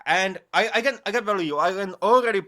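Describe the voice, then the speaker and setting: A man co-hosting a podcast, chatting casually about films in an animated, sarcastic, mocking way. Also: sits high, fast. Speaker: podcast co-host. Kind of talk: casual film-review chat.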